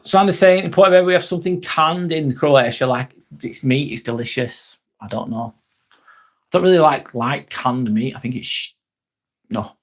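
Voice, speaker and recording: A man's voice: mid-range voice, normal speed. A man hosting a live vlog, casually chatting, reading out viewer comments, swearing and laughing now and then. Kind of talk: casual live-stream chat.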